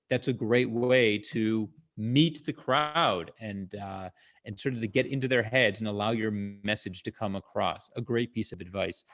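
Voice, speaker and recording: A man's voice: on the low side, slight background noise. A male comedian casually telling jokes and stories over a video call, with frequent fillers, stopping to explain his punchlines.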